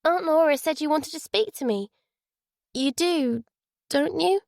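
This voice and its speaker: A woman's voice: high-pitched, expressive, a little slow, vocal fry, darkish tone, dry recording, voice pushed up, full character voice. A woman voicing a young girl with a small, nervous voice, pleading and close to tears. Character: young girl, nervous and hopeful, missing her father.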